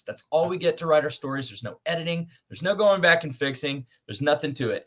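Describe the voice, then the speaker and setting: A man's voice: fairly high pitch, fairly bright tone. Joking, chatty livestream host man. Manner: chatty, self-deprecating, joking. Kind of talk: casual chat.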